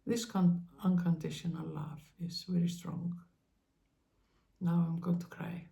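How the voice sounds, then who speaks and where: Slow, gravelly-voiced gentle woman. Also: on the low side, flat delivery. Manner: slow, halting, with many pauses and fillers; speaks to listeners with tender reassurance. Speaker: spiritual channel host. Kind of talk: gentle spiritual monologue.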